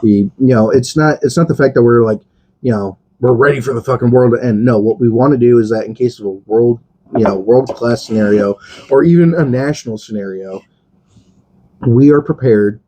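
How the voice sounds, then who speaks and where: Male podcast co-host, casual profane rambler, very dark husky voice. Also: mid-range voice, normal speed. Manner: rambling, profane, laughs often. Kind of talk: casual chat.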